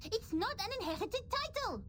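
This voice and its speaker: A woman's voice: very high voice, sing-song, normal speed, fairly bright tone, slight background noise, full character voice. A woman voicing an earnest young woman in a fantasy game, speaking in a formal, precise way. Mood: explaining.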